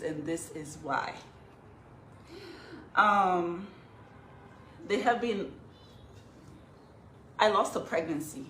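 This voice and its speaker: Woman speaking for herself on camera, slightly low voice, emotional and near tears, roomy echo. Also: fairly bright tone. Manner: emotional, fighting back tears. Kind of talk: emotional vlog statement. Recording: echoey room, faint noise.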